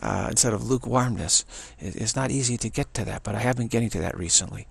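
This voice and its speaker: Speaking fast in a mid-range, gravelly and husky voice, a man in his 60s delivers a meandering spiritual teaching. His speech keeps stalling, with repeated words and restarted sentences, and there's no echo.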